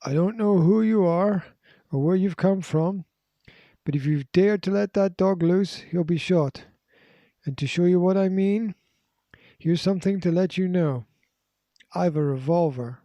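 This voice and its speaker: A man voicing a menacing, armed male villain who makes harsh, forceful threats, in a storybook reading. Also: sits high, a little slow, no room sound, dull audio, voice pushed up. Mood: threatening.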